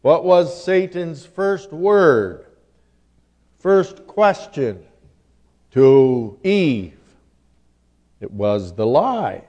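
A male preacher delivering a sermon in a deliberate, emphatic manner and quoting scripture in old-fashioned wording. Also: medium pitch, very animated, a little mellow. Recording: long hall reverb.

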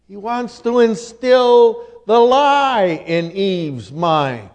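A male preacher delivering a sermon in a deliberate, emphatic manner and quoting scripture in old-fashioned wording. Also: high voice, lively intonation. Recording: long hall reverb.

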